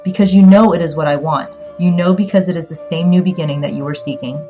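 A woman reading an audiobook, voicing a defiant young woman who speaks sharply and forcefully. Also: on the low side, fairly even intonation, quick pace, soft background music, lightly acted. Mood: pleading. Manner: sharp, forceful, rising with anger.

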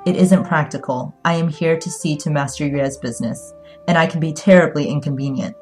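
A woman reading an audiobook, voicing a calm young man who speaks softly and with measured patience. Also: deep voice, soft background music, natural voice. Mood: soothing. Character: calm, smooth-talking young man, soft and condescending.

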